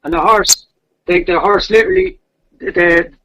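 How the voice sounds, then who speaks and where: A man's voice: high voice, very animated, a little slow, a bit bright. A man casually retelling an old legend, repeating himself and restarting as he goes. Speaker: storyteller. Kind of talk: casual storytelling. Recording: dull lo-fi recording.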